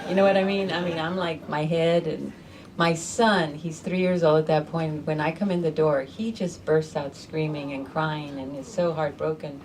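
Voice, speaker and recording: A middle-aged woman telling a personal story to a live audience in an animated, conversational way, acting out other people's voices. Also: low voice, moderate pace, far from the mic, crowd noise. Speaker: storyteller host.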